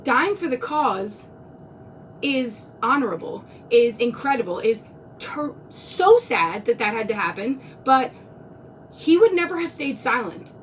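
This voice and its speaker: A woman's voice: on the high side, very animated, unhurried, a little hiss or hum. Woman, close to tears, earnest and rambling, live-stream talk, a bit distant from the phone mic. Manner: earnest, rambling, many restarts. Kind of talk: emotional live-stream monologue.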